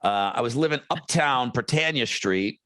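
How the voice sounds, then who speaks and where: A middle-aged man co-hosts a podcast in loose, chatty conversation, and his voice has a bright, forceful edge. The sound is dry and close, with no room around it. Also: mid-range voice, lively intonation, moderate pace, dry recording. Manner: loose, chatty, reads listener messages aloud. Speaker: podcast co-host. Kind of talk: casual chat.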